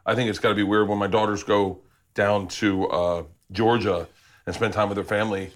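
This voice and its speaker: A man hosting a cooking show who chats casually while he cooks in a kitchen, eager and full of quick agreements. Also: lowish voice, little pitch movement, poor audio. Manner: eager, chatty, lots of quick yeahs. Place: home kitchen.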